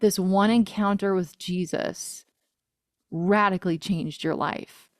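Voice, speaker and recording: A woman's voice: medium pitch, slow, no echo, clean studio sound. A woman in her thirties, a singer-songwriter guest, telling a personal story in a casual interview, earnest and emotional, with frequent laughs and fillers.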